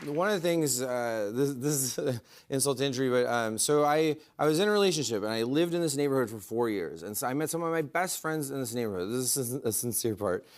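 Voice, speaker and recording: A man's voice: mid-range voice, expressive, fairly quick. A man who is a guest comedian, telling rambling, self-deprecating stories on a talk show with many fillers.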